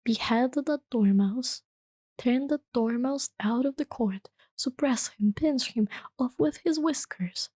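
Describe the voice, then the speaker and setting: A woman voicing a hot-tempered queen in a soft-spoken whispered role-play. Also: high-pitched, takes it slowly, slightly rough, dry recording, heavily acted. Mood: commanding.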